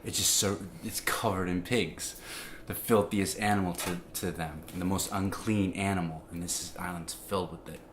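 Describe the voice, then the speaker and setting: A man giving an informal, conversational sermon, full of restarts and fillers, growing animated as he tells the story. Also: deep voice, moderate pace, few pauses, noisy background. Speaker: preacher.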